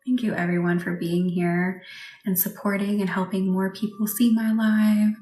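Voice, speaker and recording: A woman leading a live Reiki session and chatting with viewers, speaking softly and reassuringly, sometimes dropping to a whisper. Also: medium pitch, little pitch movement, moderate pace. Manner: soft, reassuring, often drops to a whisper. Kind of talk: livestream chat with viewers. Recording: echoey room with faint background noise.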